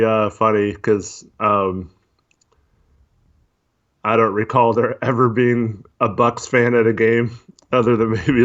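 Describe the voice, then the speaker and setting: A man chatting casually on a livestream, talking in a monotone with many fillers while reading chat. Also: medium pitch. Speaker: podcast co-host. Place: voice only on a live stream. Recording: dull lo-fi stream audio.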